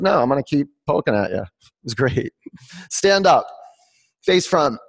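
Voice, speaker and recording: A man leads a live yoga class in a large studio, counting down poses and teasing students as he goes. His voice sits a little high and has a gravelly edge. The room gives it a long reverb. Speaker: yoga instructor.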